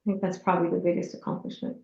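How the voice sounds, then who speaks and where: A woman's voice: lowish voice, little pitch movement, rapid-fire, vocal fry, darkish tone, reverberant, muffled recording. A woman speaking as an entrepreneur guest in an interview, heartfelt and repeating her phrases.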